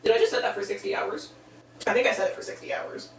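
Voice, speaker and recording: A man's voice: high voice, animated, quick pace. Young man, home baking vlogger. Rambling, self-mocking, swears freely; distant laptop mic in a roomy, noisy kitchen. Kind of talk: casual solo vlog chat while baking.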